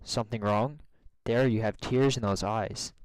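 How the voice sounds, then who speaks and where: A man reading a fan story aloud, voicing a flattering, defensive young male pony who used to be a bully. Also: fairly low pitch, measured pace, dry recording, lightly acted, low-quality recording.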